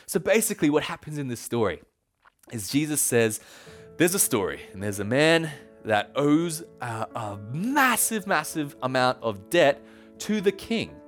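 A male pastor gives a relaxed, joking sermon, his pitch swinging up and down as he tells the story. He chats more than he preaches and laughs along the way. Soft music plays faintly underneath. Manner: chatty, playful, laughs while retelling stories. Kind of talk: casual humorous sermon.

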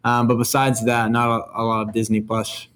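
A man in his twenties co-hosting a casual podcast, relaxed and easygoing, with filler words. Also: medium pitch, moderate pace, smooth. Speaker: podcast co-host. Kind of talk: casual chat.

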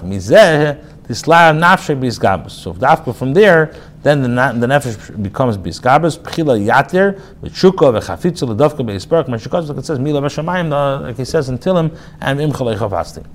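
A rabbi giving a casual spoken class, reading phrases aloud and then explaining them in plain talk, with restarts and fillers. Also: male voice, mid-range voice, animated, moderate pace. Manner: reads Hebrew phrases then paraphrases them in English; frequent restarts and filler, conversational. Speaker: rabbi teaching a text class.

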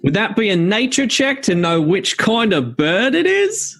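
A man playing in a tabletop role-playing game, hesitant and halting as he decides what to do. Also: high-pitched, wildly swooping pitch, fairly bright tone. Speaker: player. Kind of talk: casual tabletop game play.

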